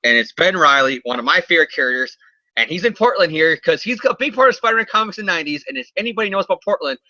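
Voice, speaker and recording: A man talks through a comic book issue in a loose, jokey, rambling way. His voice is very bright and tense. The recording is dry and muffled, with a lo-fi dullness. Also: on the high side, expressive, no echo. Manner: rambling, jokey, does quick character voices. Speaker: comic book podcast co-host. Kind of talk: casual comic review chat. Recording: dull, dry lo-fi audio.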